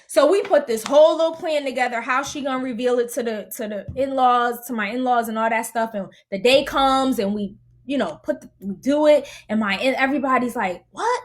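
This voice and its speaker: A woman podcast host telling a personal story in a lively way and acting out the dialogue. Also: on the high side, fairly quick. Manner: animated, acts out dialogue in vivid voices.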